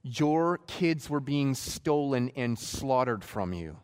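A man's voice: medium pitch, slow, clean tone. Man preaching in a reverberant hall. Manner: animated storytelling with acted quotes. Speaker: pastor. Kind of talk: sermon.

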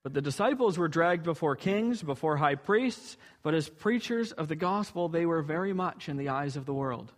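A man's voice: a little high, lively intonation, normal speed, hardly any pauses. A man preaching a sermon, earnest and emphatic, building to rhetorical questions.

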